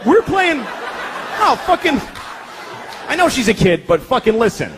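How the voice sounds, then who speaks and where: A man rants through a crude stand-up set in a high voice. His pitch leaps around constantly. Steady noise sits behind him. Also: a little slow, crowd noise. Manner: crude, ranting delivery. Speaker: stand-up comedian.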